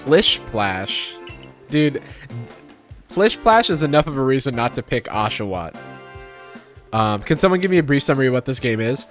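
Dude streaming a game, joking around, lots of likes and ums, voice goes up and down a lot, little music in back. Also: male voice, mid-range voice, sing-song, moderate pace, long pauses, fairly bright tone. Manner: chatty and jokey, lots of fillers. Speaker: live-stream host. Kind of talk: casual gameplay commentary.

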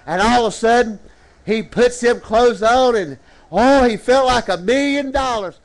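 A male preacher shares a story during a church service, addressing the congregation directly and swooping into dramatic, unhurried phrases. His pitch is extremely high.

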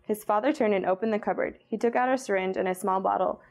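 A woman's voice: medium pitch, quick pace, vocal fry, darkish tone. A young woman, a student worker, carefully reading a novel excerpt aloud. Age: young adult.

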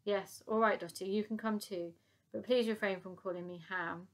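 A woman reading aloud, voicing an elderly queen who is weary but kind, in a measured, softly regal manner. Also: mid-range voice, fairly even intonation, close to an everyday voice.

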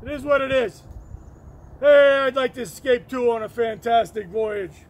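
A man rambling in an excitable way, with sudden shouts and whoops, while walking up a hill outdoors and recording on a phone. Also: extremely high pitch, unhurried. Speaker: vlogger.

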